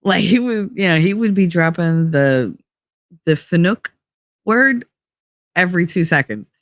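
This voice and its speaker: Low-voiced woman telling a lively story. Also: measured pace, dry recording, clean studio sound. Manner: animated, laughing, quoting others in raised voices. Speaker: podcast host. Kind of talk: casual storytelling chat.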